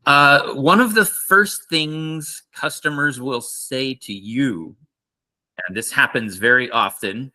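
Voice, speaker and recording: A male English teacher leads an online lesson at an unhurried, deliberate pace. His voice is bright and clear, and he stretches out model phrases so learners can repeat them. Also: medium pitch. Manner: slow, patient, repeats phrases for learners to copy.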